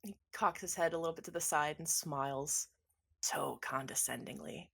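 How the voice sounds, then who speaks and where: A woman's voice: deep voice, normal speed, creaky, a bit bright, husky. A woman narrating as game master for a tabletop game, describing the scene.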